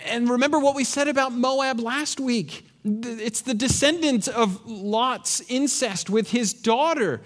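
A man's voice: extremely high pitch, unhurried, hardly any pauses. A man preaching a sermon, with rhetorical questions and dry sarcastic asides. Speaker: pastor.

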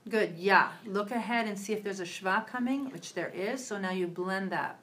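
A woman's voice: mid-range voice, moderate pace, fairly bright tone, a little hiss or hum. Patient woman teaching reading in class. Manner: patient, encouraging, breaks words into syllables. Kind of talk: classroom instruction. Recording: roomy classroom audio from a distance.

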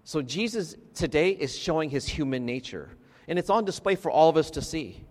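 Guy preaching a sermon, kinda high voice, chatty and checks in w the crowd a lot, long echo off the hall. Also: sing-song, a little fast. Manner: conversational, frequent restarts and "right?" asides to the congregation. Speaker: pastor. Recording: long reverb of a large hall.

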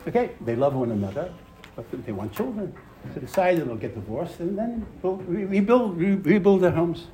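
A man in a room with listeners gives a storytelling Torah class, his fairly high voice rising and dropping sharply as he repeats lines for effect. Faint room noise sits under him. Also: normal speed, rough recording. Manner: animated, repeats phrases for emphasis, uses Hebrew and Yiddish terms. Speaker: rabbi giving a class.

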